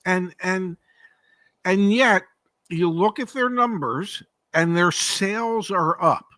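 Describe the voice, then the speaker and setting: A man with a high voice co-hosts a casual podcast about the car market, drawing on his past running a car dealership. He speaks slowly in a bright, forceful tone, pressing his points with rhetorical questions and repeated words. The recording has no room sound.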